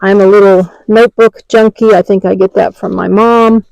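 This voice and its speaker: A woman's voice: mid-range voice, steady tone, moderate pace, creaky, darkish tone, no echo, rough recording. An older woman giving a chatty, homey show-and-tell tour from inside her parked car, naming items one by one. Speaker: vlogger.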